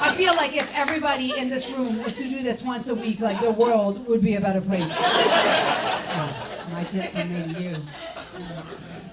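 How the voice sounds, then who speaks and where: A woman's voice: fairly high pitch, moderate pace, over a noisy crowd. French-accented woman doing sardonic stand-up. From France. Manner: deadpan, sardonic, cursing. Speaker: stand-up comedian. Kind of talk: stand-up comedy set. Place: comedy club stage. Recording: echoey club, distant mic, audience noise.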